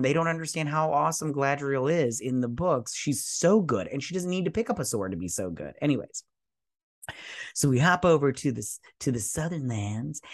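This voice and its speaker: Hosting a TV review channel, a man recaps an episode in a casual, crude, mocking style, paraphrasing loosely and often hesitating as he searches for names. His medium-pitched voice is recorded at studio quality with no room sound.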